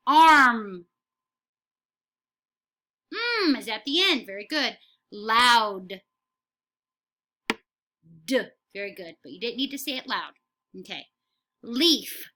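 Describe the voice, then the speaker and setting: Slow, bright-voiced woman teaching phonics. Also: on the high side. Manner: slow, encouraging, repeats words for pupils. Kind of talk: phonics lesson for young children.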